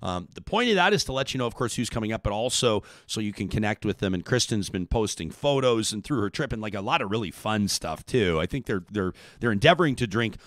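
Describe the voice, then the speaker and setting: A man's voice: lowish voice, lively intonation, fast talker, hardly any pauses, no echo, clean studio sound. A middle-aged man hosting a talk radio show, rambling thoughtfully with frequent restarts. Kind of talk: casual talk radio chat.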